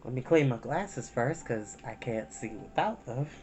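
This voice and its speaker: A man hosting a storytime channel, talking candidly and emotionally to his viewers, soft-spoken and close to tears, with many pauses. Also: mid-range voice, animated, slight background noise. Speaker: storytime reader. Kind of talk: candid personal talk to viewers.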